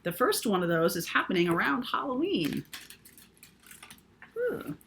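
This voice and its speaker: A woman's voice: mid-range voice, very animated, brisk, gravelly, very noisy. A woman doing a casual, chatty tarot reading, thinking aloud with lots of fillers. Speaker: tarot reader.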